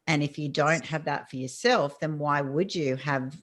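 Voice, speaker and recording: A woman's voice: low voice, steady tone, normal speed. A woman hosting a podcast interview, affirming her guest and reflecting aloud on her points. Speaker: podcast host. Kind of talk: interview conversation.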